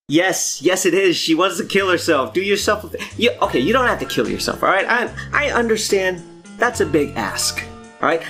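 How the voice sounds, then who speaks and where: A man's voice: high-pitched, expressive, sharp tone, faint music behind. A man hosting a comedic movie commentary, ranting in an exasperated, profane way. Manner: profane, exasperated, fast-talking. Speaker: host.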